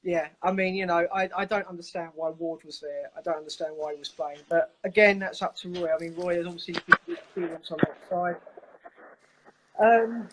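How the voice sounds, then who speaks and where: A man's voice: sits high, a little fast, a little hiss or hum, poor audio. A man on a video call giving his opinions on a football match, earnest and opinionated. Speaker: caller. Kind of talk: casual football chat.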